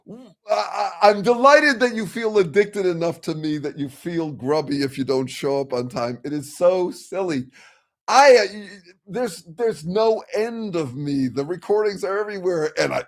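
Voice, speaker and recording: An older man hosting a casual discussion, talking frankly and rambling, with restarts and some swearing. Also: on the high side. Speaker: host. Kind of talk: casual discussion on a video call.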